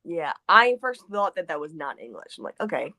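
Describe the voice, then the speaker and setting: A woman co-hosting a live chat, talking in a relaxed, rambling way. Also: low voice, moderate pace. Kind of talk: casual livestream chat.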